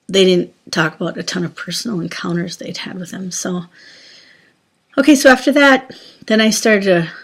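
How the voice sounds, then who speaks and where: A former teacher, an adult Christian woman, gives her testimony in a lowish, slightly rough voice. The story of her faith comes out loose and rambling, with frequent fillers and restarts.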